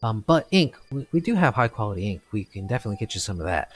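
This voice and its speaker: A man's voice: lowish voice, sing-song, fast talker, husky. A man voicing a polite, flustered human shopkeeper who stammers and apologizes. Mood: helpful.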